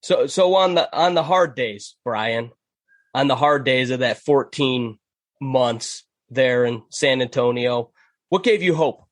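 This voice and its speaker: A male podcast host asking thoughtful, measured questions. His voice sounds dry and close, with no room echo. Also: medium pitch. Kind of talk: interview questions.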